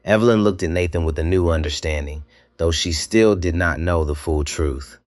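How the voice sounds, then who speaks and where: Deep male narrator, dramatic story voice-over, pauses a lot, super dry close sound. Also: dry recording.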